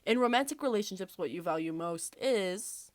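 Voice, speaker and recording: A woman's voice: mid-range voice, lively intonation, normal speed, no room sound. A woman hosting a casual podcast, reading quiz questions aloud with sarcastic, swear-filled asides and frequent laughter. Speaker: podcast host.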